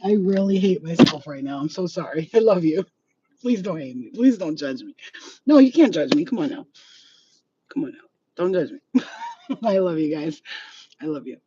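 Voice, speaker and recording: A man's voice: a little high, expressive, moderate pace, long pauses, mellow, distant mic, muffled recording, a little hiss or hum. A man chatting casually to camera in a vlog, flamboyant and bawdy, breaking into laughter often. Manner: giggly, bawdy, flamboyant storytelling. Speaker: vlogger.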